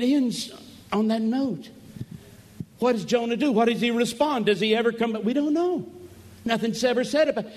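A man preaching a camp meeting sermon, emphatic, swinging from loud cries to low murmurs, acting out quoted voices and calling for amens. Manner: acts out quoted voices, asks the crowd for amens. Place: large church or camp meeting hall.

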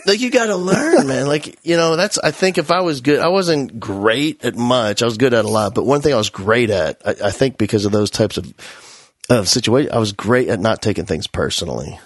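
A man hosting a casual conversation, a teacher telling stories in an animated way and often saying "man". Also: medium pitch, normal speed, breathy edge, no echo, clean studio sound. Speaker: podcast host and teacher.

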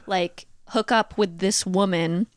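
A woman chatting about movies with friends on a podcast, animated and quick to laugh. Her voice sits at an ordinary middle pitch. The sound is close and dry, with no room around it. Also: clean tone, no room sound. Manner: animated, laughing often, quotes characters. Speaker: podcast co-host. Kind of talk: casual film discussion.

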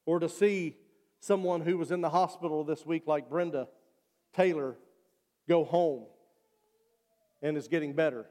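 A man's voice: on the high side, fairly even intonation, unhurried, long pauses, warm tone. A male pastor preaching a sermon and leading an altar call, earnest and repeating his appeals. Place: church sanctuary. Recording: long church reverb.

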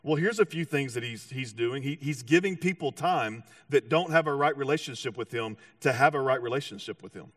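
A man preaching a sermon with animated storytelling, acting out voices and often restarting his sentences. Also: medium pitch, a little fast, few pauses, no room sound, studio quality, distant mic. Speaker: pastor.

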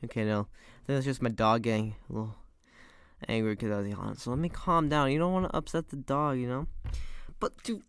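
A man's voice: medium pitch, brisk, a bit bright, clean tone, no room sound, clean studio sound. A teenage boy rambling animatedly in slang as he reviews a movie series. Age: teens.

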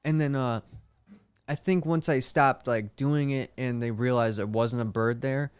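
Smooth-voiced young man, casual chat. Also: medium pitch, a little slow, no room sound. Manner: relaxed, fills with "like" and "uh".

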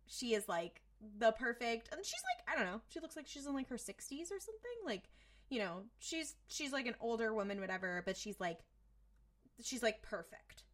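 A woman co-hosting a podcast, recapping an episode in casual chat, animated and sweary. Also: fairly high pitch. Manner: animated retelling, swearing, many fillers. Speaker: podcast co-host.

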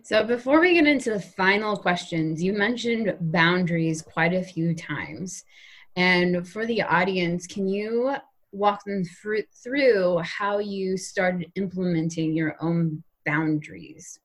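Woman, podcast host, lowish husky voice, relaxed and reflective. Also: slow. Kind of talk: casual interview.

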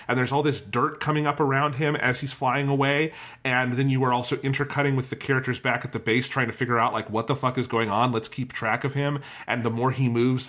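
Male co-host, bright mid-pitched voice, loose and chatty review banter. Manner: animated, chatty, swears freely. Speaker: podcast co-host. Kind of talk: casual film review chat.

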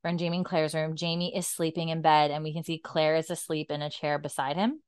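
A woman co-hosting a podcast, chatting casually and retelling the scenes of an episode in animated detail. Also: low voice, fast, clear, resonant tone. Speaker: podcast co-host. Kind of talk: casual episode recap chat.

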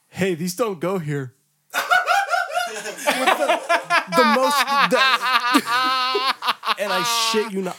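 A man's voice: a little high, bright, forceful tone. A man on a podcast telling an embarrassing story in casual, profane chat, breaking into laughter and acting out what he said. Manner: profane, laughing storyteller who acts out his own lines. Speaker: podcast co-host.

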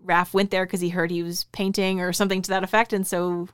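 A woman co-hosting a podcast, chatting casually with many fillers and quick agreement. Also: fairly low pitch, level tone, smooth, no room sound, studio quality. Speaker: podcast co-host. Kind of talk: casual chat.

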